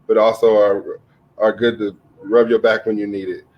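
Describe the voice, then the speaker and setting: A man's voice: lowish voice, little pitch movement, moderate pace, highs cut off. A man hosting a live stream in easygoing casual chat, laughing often.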